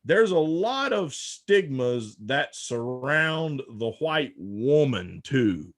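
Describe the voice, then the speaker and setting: A man's voice: mid-range voice, big pitch swings, slow pace. A man talking politics in a casual podcast discussion, emphatic, and often repeating a word several times before he gets going. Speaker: political commentator.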